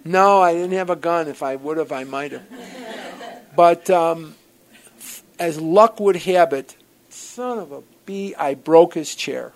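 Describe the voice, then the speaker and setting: A man with a gravelly, slightly high voice tells a personal story to a recovery group. He is animated and wry, jumping from loud outbursts to hushed asides. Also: takes it slowly, poor audio. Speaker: speaker sharing at a recovery program gathering.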